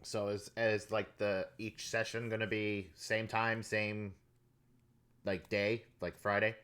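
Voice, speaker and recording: A man in a tabletop group, asking about the schedule in halting casual speech. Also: lowish voice, flat delivery, a bit bright. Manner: halting, repeats words. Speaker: tabletop player. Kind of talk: casual chat on a voice call.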